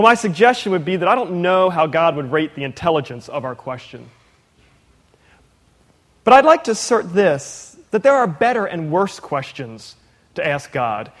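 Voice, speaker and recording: A man's voice: high voice, long reverb tail. A man in his thirties preaching a sermon in a conversational, playful way, sometimes mimicking others. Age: 30s. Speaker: preacher and teacher.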